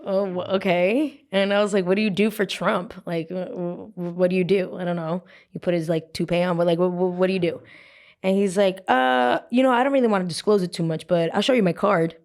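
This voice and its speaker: A woman's voice: fairly low pitch, fairly quick. A young woman hosting a podcast, casually telling a story and acting out the people in it. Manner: animated, acts out quotes with a put-on voice. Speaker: podcast host. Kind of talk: storytelling chat.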